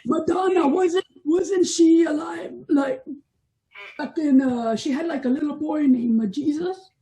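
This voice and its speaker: High mellow-voiced playful woman. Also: unhurried. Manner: playful, hesitant, laughing. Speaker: podcast co-host. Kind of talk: casual group chat.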